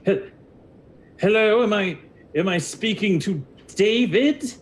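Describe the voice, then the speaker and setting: A man's voice: high voice, animated, slow, slight background noise, voice pushed up. A man voicing a pompous, four-foot-tall male lizard wizard who leads a band, talking grandly and theatrically. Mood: tentative.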